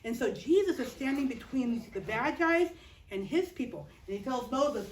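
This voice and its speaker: Woman, children's Bible teacher, playful storytelling, high voice, roomy room sound. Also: moderate pace, a little hiss or hum. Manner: lively, playful, expressive. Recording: roomy, distant mic.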